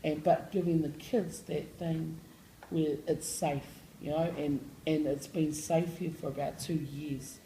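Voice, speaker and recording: A woman's voice: deep voice, fairly even intonation, a little slow, warm tone, echoey room, a little hiss or hum, poor audio. A woman who works with school students, answering interview questions in a blunt, slangy way and laughing often. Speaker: school staff member working with students.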